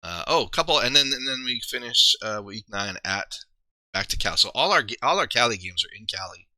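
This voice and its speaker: A man's voice: medium pitch, sing-song, brisk, pushed and bright, no room sound. A man chatting casually on a livestream, rambling and thinking aloud with many fillers and restarts. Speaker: streamer and league player.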